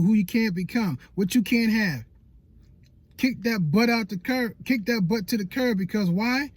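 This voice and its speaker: Guy coaching youtubers, faith-based pep talk, high voice, keeps repeating himself for emphasis. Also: a little mellow, breathy edge, dry recording. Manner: emphatic, repetitive, preacher-like. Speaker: motivational speaker and YouTube coach.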